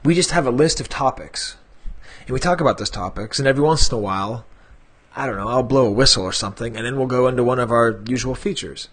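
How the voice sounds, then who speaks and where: A man's voice: medium pitch, fast, a bit bright, husky. A man hosting a collectors' podcast, chatting in a rambling, self-deprecating way. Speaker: podcast host. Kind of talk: casual podcast chat.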